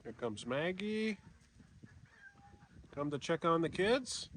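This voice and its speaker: Man chatting softly with farm animals. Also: a little high, sing-song, slow, slight background noise. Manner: chats softly to his animals. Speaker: homesteading vlogger. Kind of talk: casual farm vlog talk. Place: outdoors on a farm.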